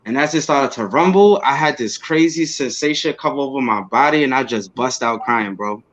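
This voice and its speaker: A man being interviewed, telling a personal story casually and acting out what he said back then with bursts of energy and laughs. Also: medium pitch. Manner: animated, acts out his own past words with quick bursts and laughs. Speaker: interview guest. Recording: slightly dull lo-fi audio.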